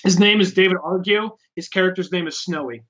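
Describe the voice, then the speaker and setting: A man's voice: sits high, a little fast, a bit bright, lo-fi sound. A man co-hosting a podcast, rambling casually about a movie with lots of fillers and swearing. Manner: rambling, profane, many fillers. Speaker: podcast co-host.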